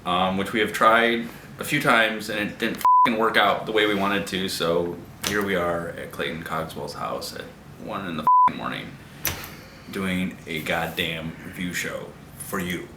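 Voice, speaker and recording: Profane male movie reviewer, rambling and animated, recorded in a noisy, echoey house. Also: low-pitched, moderate pace. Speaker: movie reviewer, show host. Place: a friend's house at night. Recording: roomy home recording with noise.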